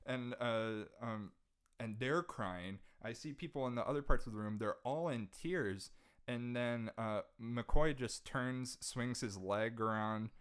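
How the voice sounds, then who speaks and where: A young man with a lowish voice tells a deeply felt personal story on a casual podcast. He speaks earnestly and restarts his sentences often as he searches for the right words. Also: smooth. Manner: earnest, emotional retelling with frequent restarts. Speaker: podcast guest, jazz saxophonist.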